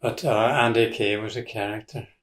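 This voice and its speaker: A man's voice: lowish voice, fairly even intonation, normal speed, a bit bright. An older man with a Donegal accent telling rambling family stories in casual talk, with restarts and chuckles. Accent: Irish, Donegal. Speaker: interviewee. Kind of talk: casual storytelling. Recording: roomy echo.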